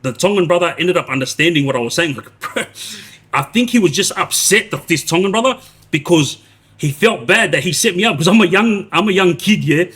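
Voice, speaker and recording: This is a husky-voiced man in his forties, chatting casually to viewers on a live stream. He tells his story in loose, rambling bursts, restarts his sentences and tacks "yeah?" onto them. His voice sits a little high for a man. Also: animated, brisk, fairly bright tone. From Australia. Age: 40s. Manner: rambling, many restarts and tag questions like "yeah?". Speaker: livestreamer telling prison stories.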